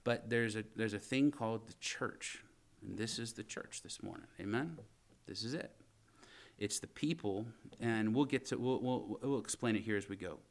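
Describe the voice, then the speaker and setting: A man's voice: on the low side, moderate pace. Man preaching a conversational sermon. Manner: conversational, asks the congregation questions. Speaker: pastor. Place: church sanctuary.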